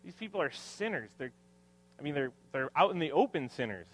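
A man's voice: fairly high pitch, big pitch swings, fairly quick. A man in his thirties preaching a sermon to his congregation, mixing scripture with joking, self-deprecating family stories. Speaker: pastor. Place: church hall with congregation.

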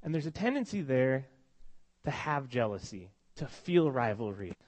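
A male pastor with a cold preaching to his church. He tells stories in a loose, conversational way, restarting phrases often, his voice at a middle pitch. He sounds heartfelt and close to tears at times. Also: big pitch swings, normal speed, darkish tone. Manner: conversational, emotional storytelling with frequent restarts. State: has a cold. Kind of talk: sermon. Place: church congregation meeting in a school.

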